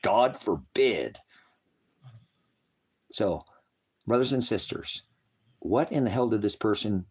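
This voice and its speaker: A man's voice: animated, slow, long pauses, a little mellow, breathy edge. A man preaching on a livestream, profane and mocking, reads out viewer comments and argues with them. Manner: mocks others in shrill put-on voices. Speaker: online preacher. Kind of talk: livestream preaching, reading chat.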